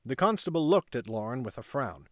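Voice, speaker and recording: A man reads a fantasy novel aloud at a steady pace, his voice at an ordinary male pitch. The sound is dry and close, with no room echo at all. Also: a little fast. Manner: steady reading with casual off-script asides. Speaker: narrator reading a novel aloud. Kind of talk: fantasy audiobook narration.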